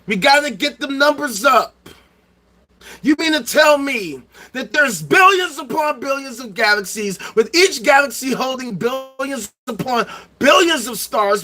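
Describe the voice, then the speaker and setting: A middle-aged man talking to his viewers in a loud, profane, repetitive rant with plenty of rhetorical questions. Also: extremely high pitch, expressive, measured pace. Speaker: streamer. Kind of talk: ranting livestream monologue.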